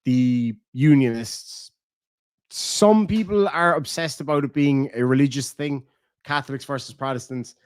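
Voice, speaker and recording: Irish streamer, chatty and profane, dry close sound, mid-pitched man. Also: measured pace, clean tone, no room sound. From Ireland. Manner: swearing, laughing, rambling asides. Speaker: streamer reading viewer comments. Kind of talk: casual live-stream chat.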